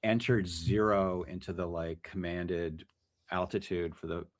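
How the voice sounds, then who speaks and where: A man's voice: sits low, fairly even intonation, measured pace. A man, a freelance journalist, talking casually in an interview, often restarting his sentences and correcting himself. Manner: restless, self-correcting, many restarts and fillers. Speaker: freelance journalist, podcast guest.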